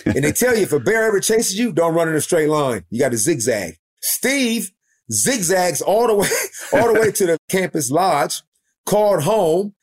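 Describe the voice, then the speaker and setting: A man, a basketball coach and former pro player, telling lively stories as a podcast guest and acting out the people in them. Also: sits high, moderate pace. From United States. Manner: animated storyteller who acts out the other people in his stories. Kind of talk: lively anecdotal storytelling.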